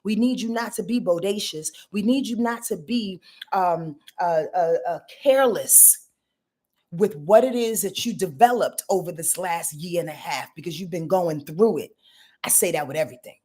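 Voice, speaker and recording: A woman's voice: fairly low pitch, normal speed, mellow, slightly rough. A woman hosting a live-stream astrology reading, blunt and profane, addressing viewers directly as y'all and boo-boo. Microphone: webcam or phone on a live stream.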